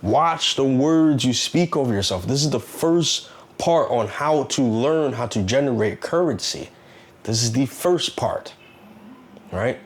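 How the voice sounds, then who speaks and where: A man talks straight to the listener in a casual, earnest motivational monologue. He sounds preachy, circles back on his points and keeps asking rhetorical questions. His voice sits at an ordinary middle pitch. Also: lively intonation, a little slow. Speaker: self-help vlogger.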